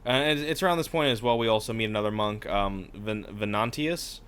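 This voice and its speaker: A man's voice: lowish voice, fairly quick, a bit bright, clear, resonant tone. Irreverent man mocking characters on a podcast. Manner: irreverent, mocking, puts on silly voices for characters. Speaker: podcast co-host. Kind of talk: casual book discussion.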